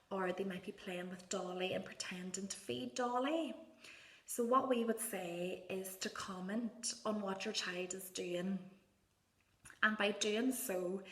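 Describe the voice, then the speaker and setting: Encouraging woman, echoey room. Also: medium pitch. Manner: gentle, encouraging, models words in a soft sing-song. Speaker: speech therapist. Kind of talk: parenting advice talk.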